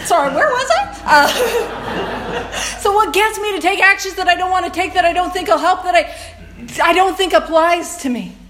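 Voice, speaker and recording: A woman with a high voice speaks earnestly to a meeting room, chatting with the audience and laughing along the way. Her words carry a roomy echo from the hall around her. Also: brisk, fairly bright tone. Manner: earnest, conversational, often laughing, addresses the room directly. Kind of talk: personal talk to a meeting. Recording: echoey room recording.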